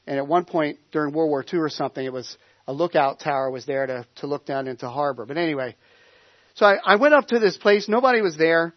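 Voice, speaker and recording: High-voiced pastor, rambling story. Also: male voice, expressive, fast talker, no room sound, muffled recording. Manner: conversational storytelling with frequent restarts. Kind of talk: sermon.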